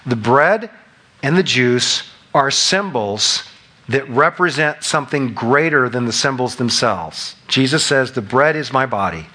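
A man preaching a sermon as pastor, emphatic and rising in pitch and volume on key lines. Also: animated, measured pace, bright, forceful tone.

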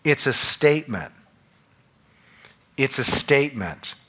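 This pastor speaks slowly in a medium-pitched, slightly bright and husky voice with lively intonation. He reads scripture aloud during his sermon, explains each verse in turn and sometimes acts out the scenes.

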